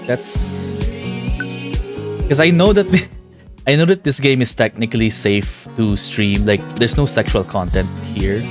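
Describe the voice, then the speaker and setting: A man's voice: lowish voice, measured pace, music in the background. Chatty, laughing male game streamer. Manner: chatty, laughing, self-deprecating. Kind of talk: casual gameplay commentary.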